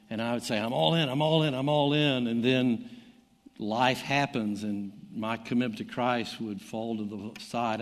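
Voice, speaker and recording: A middle-aged man with a Southern American accent preaching a sermon, reading scripture aloud with his voice lifting for the quoted lines. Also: lowish voice. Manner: animated Bible reading, voice rising for quoted lines. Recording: long hall reverb.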